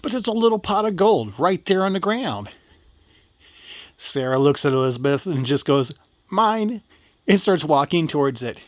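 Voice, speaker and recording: A man's voice: on the high side, animated, moderate pace, no echo, lo-fi sound. A man telling a story aloud in a casual, rambling, slangy way.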